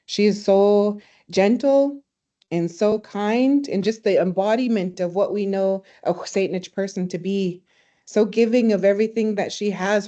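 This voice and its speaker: A woman teaching a language in a webinar, speaking warmly and reflectively, telling stories and laughing easily. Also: medium pitch. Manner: warm, storytelling, laughs easily. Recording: slightly dull webinar audio.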